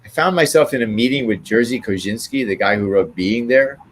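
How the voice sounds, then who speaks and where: A man's voice: medium pitch, fairly quick, slight background noise. An older man, an interview guest, telling rambling show-business stories and checking in with "right?" as he goes. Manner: rambling, tags remarks with "right?". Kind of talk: anecdotal storytelling.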